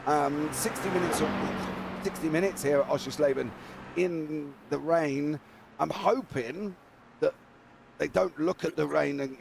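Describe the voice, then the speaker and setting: A man commentating a live sim race, chatty and jokey, talking quickly over a noisy background. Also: mid-range voice, vocal fry.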